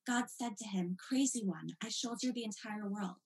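Speaking at a normal speed in a mid-range voice, a female teacher delivers a recorded lecture captured with rough audio quality. As she reads passages aloud, she hits the key words with dramatic stress.

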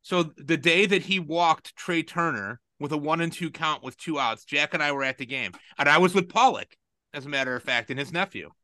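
A man with a bright, tense voice and a somewhat high pitch, telling rambling, profane stories in casual chat. His exasperation keeps building, and the sound is close and dry. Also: brisk, no room sound.

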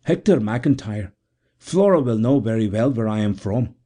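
A man voicing a big, earnest young man from a storybook, speaking gravely and tenderly. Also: on the low side, expressive, moderate pace, warm tone.

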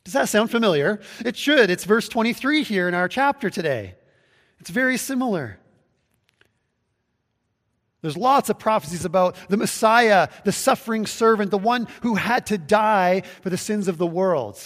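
A man's voice: high-pitched, animated, moderate pace, fairly bright tone. Man preaching in an echoing hall. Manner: conversational, with restarts and acted-out quotes. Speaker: pastor. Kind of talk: sermon. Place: church sanctuary, livestreamed.

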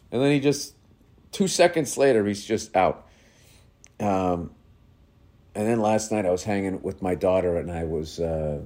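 Middle-aged guy, deep voice, rambly and sweary, just chatting casually about his kids. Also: warm tone. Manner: rambling, profane, self-interrupting. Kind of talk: casual storytelling.

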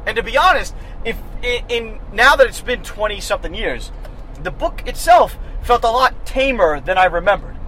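A man in his thirties co-hosting a podcast, chatting with excited, quick banter while riding in a car. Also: sits high, slight background noise, poor audio. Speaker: podcast co-host. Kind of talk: casual chat. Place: inside a moving car.

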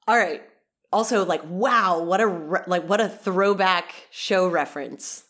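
A woman's voice: fairly low pitch, unhurried, a bit bright. A woman in her thirties hosting a podcast in a casual monologue, bubbly and chatty, with a stuffy, nasal voice from allergies. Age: 30s. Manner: bubbly, chatty, swears casually, laughs often. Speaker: podcast host.

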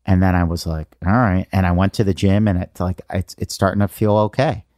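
A man's voice: sits low, steady tone, a little fast, warm tone, no room sound, studio quality. A man in his forties, a podcast host, chatting casually and telling stories with enthusiasm. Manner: enthusiastic storytelling. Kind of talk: casual chat.

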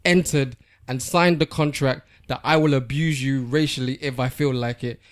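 A man in a casual podcast discussion, arguing a point deliberately in long sentences. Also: medium pitch, fairly even intonation.

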